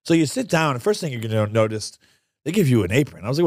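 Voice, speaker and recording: A man from upstate New York, co-hosting a casual chat and telling a lively story, acting out other people's lines in a lower voice. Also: quick pace, no room sound. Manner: animated storyteller, acts out quotes in a low voice. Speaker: podcast co-host.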